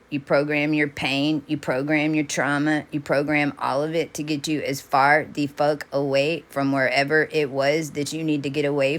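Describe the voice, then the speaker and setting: A woman with a deep, low-pitched voice runs through a rambling spiritual monologue. She talks intensely and repeats herself, and she swears freely. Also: fairly bright tone. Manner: intense, profane, repetitive. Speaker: self-styled channeler.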